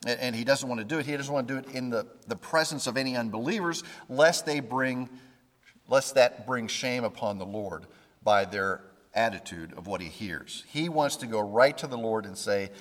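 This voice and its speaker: Pastor preaching in an echoing hall. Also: male voice, medium pitch, a bit bright. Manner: conversational, with restarts and quoted pleas to God. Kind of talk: sermon. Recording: reverberant hall.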